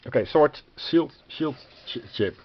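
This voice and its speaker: A man's voice: a little high, animated, unhurried. A man losing his voice who coughs often, thinking aloud as he reads through a rulebook, hesitant and full of fillers, wryly exasperated. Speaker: board game reviewer. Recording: dull lo-fi sound with faint noise.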